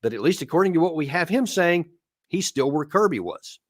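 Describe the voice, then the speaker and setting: A man's voice: a little high, expressive, a little fast, no room sound, studio quality. A man hosting a political commentary show, talking emphatically and repeating words as he presses a point. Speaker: host.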